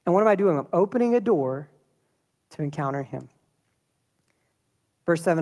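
A man's voice: on the high side, normal speed, long pauses. Conversational male pastor in echoing church. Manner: conversational, lively preaching with rhetorical questions. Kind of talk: sermon.

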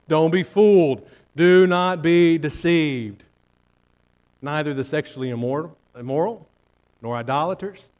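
A man preaching a sermon in church, swinging from hushed asides to loud emphatic repetition and asking the congregation rhetorical questions. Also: on the high side.

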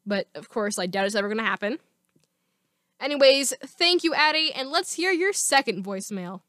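A woman's voice: a little high, animated, normal speed, a bit bright, smooth, no echo, studio quality. A woman hosting a podcast, chatty and enthusiastic as she reads out listener voicemails and answers them. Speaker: podcast host. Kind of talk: casual solo podcast talk.

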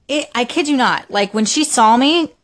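A woman's voice: high voice, normal speed, a bit bright. Rambling young woman telling her day. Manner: rambling, filler-heavy, with many restarts. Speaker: vlogger. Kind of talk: casual personal storytelling.

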